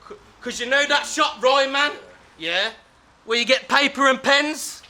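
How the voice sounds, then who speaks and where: High bright-voiced battle rapper. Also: male voice, measured pace. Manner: shouted punchlines, laughing through bars. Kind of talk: live rap battle verse. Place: battle venue before a live crowd.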